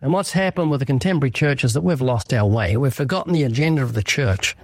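Clean studio sound with no room noise carries a man of medium pitch talking at a quick clip. He speaks as an evangelist in an interview, giving an earnest, emphatic preaching answer and acting out short quoted conversations along the way.

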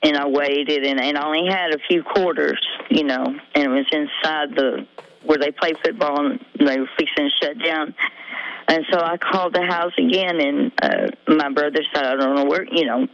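Halting middle-aged woman caller, lo-fi line. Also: sits low. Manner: halting, rambling storytelling with many fillers. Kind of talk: emotional call-in confession. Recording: dull lo-fi radio call.

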